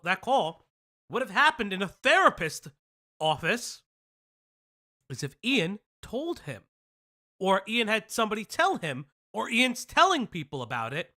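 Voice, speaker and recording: Commentary host, live stream talk, sarcastic, taunting, sharp bright tone, swooping animated pitch. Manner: sarcastic, pointed, rhetorical taunting; chewing while talking at times. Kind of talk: live-streamed commentary over a played video.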